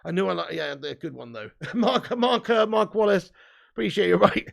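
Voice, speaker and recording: A man's voice: high voice, moderate pace, gravelly. An English man hosting a live football watch-along, bantering with his chat, laughing often and reading comments aloud. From England. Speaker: live stream host.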